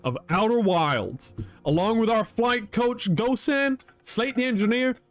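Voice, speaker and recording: Picture a folksy alien museum curator in a video game, drawling slowly and dropping into a whisper, as a gamer puts him on. The pitch jumps about a lot and the voice sits fairly high for a man. Faint game music plays behind him. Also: animated, no room sound. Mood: wistful. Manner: hillbilly drawl mixed with a whispery impression.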